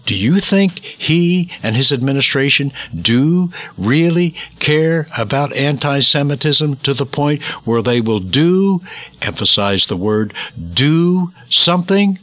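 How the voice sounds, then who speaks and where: Bright-voiced man preaching emphatic commentary. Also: mid-range voice. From United States. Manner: emphatic, repeats words for stress, rising indignation.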